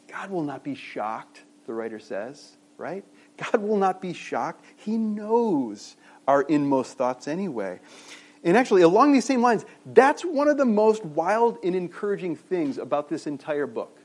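A man's voice: fairly high pitch, big pitch swings, normal speed, darkish tone. A man preaching a sermon in a conversational way, asking the listeners questions and often restarting his sentences. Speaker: pastor.

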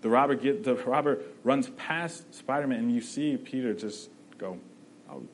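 A man's voice: medium pitch, normal speed, slight background noise, rough recording. A man preaching a sermon in a conversational way, often checking in with "right?" and restarting his phrases.

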